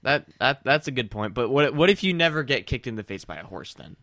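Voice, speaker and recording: A young man talking casually with a friend, his voice bright and forward. His pitch swings widely as he rambles and teases, stumbling over restarts. The sound is close and dry. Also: animated, brisk, no echo. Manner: teasing, rambling with many restarts. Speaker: friend chatting. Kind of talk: casual chat.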